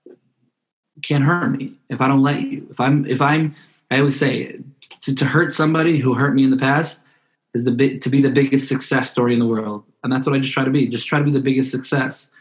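A man's voice: mid-range voice, steady tone, fairly quick. Earnest man with frequent restarts. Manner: earnest, heartfelt, with many restarts. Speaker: podcast guest. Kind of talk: casual interview talk.

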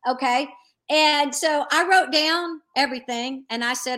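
A middle-aged woman sharing a personal faith testimony in earnest, animated storytelling, acting out what others said. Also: sits high, a little slow. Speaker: guest.

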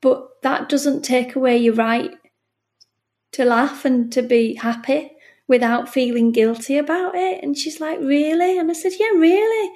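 A woman's voice: high-pitched, unhurried, darkish tone. A middle-aged woman, talking earnestly about her work as a bereavement midwife in a casual interview, often restarting and acting out conversations. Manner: earnest, emotional, frequent restarts and quoted dialogue. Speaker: bereavement midwife, podcast guest.

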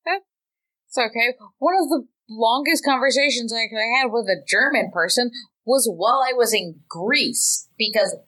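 A woman co-hosting a podcast in casual chat, jumping in with quick reactions and teasing asides. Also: a little high, fairly bright tone, poor audio.

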